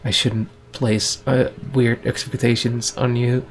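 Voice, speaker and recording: A rattled, flustered storyteller, voiced by a man in an improvised spoken story. He talks quickly and casually, in an everyday voice near the man's own. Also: medium pitch, flat delivery, slight background noise.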